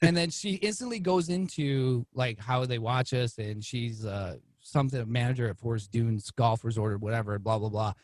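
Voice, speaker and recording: As a podcast guest, this man narrates a story casually at normal speed with few pauses, on a dry recording. He acts out the quoted lines in an animated way, his voice springing higher.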